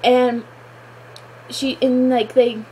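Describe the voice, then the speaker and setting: A woman's voice: a little high, flat delivery, extremely slow, warm tone, slight background noise, low-quality recording. A woman reviewing a show episode in a gushing, exclamatory chat full of filler words. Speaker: fan reviewer.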